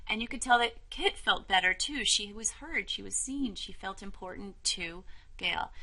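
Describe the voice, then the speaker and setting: A woman instructor calmly explaining a listening lesson in a measured, encouraging way. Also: medium pitch, rough recording. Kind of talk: explaining a role-play lesson to camera.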